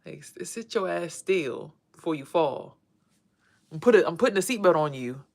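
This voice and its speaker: A woman's voice: fairly low pitch, lively intonation, normal speed, vocal fry, a little mellow. A woman doing a casual, rambling spiritual tarot vlog and talking straight to her viewers. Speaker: tarot reader and spiritual vlogger.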